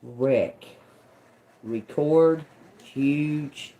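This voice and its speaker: A woman speaks very slowly in a low, dark voice while doing a live psychic reading as a tarot and oracle streamer. She keeps repeating single words under her breath, confused by what comes through and cursing at it.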